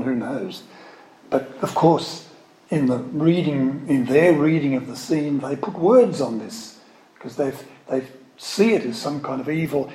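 A man's voice: medium pitch, expressive, a little slow, darkish tone. Man preaching a chatty sermon. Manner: conversational, wry asides, reads scripture aloud with emphasis. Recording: echoey room, faint ambient noise.

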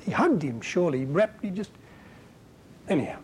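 A man giving a conversational Bible teaching as a preacher, talking in an animated, colloquial and emphatic way. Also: sits high, normal speed, slight background noise, low-quality recording.

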